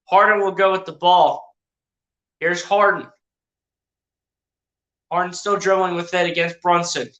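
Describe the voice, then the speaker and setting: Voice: mid-range voice, fairly even intonation, unhurried, pauses often, fairly bright tone, roomy sound, muffled recording. A live streamer giving casual play-by-play commentary on a basketball game, chatting to the players and to viewers as the action goes. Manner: chatty, addresses players and viewers directly, self-correcting.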